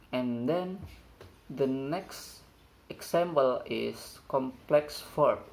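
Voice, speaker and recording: A young man giving a student presentation on word stress, in a halting way with restarts and shaky grammar. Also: medium pitch, vocal fry, darkish tone, poor audio. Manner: slow, halting delivery with restarts, non-native grammar. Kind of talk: classroom assignment presentation.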